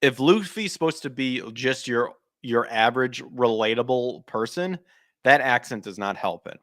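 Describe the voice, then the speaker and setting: A man's voice: mid-range voice, moderate pace, a bit bright, no room sound, studio quality. A man hosting a podcast, ranting casually and bluntly, swearing often and restarting sentences as he goes. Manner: blunt, frequently swearing, emphatic; restarts and trails off mid-sentence. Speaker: podcast host. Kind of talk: casual opinion rant.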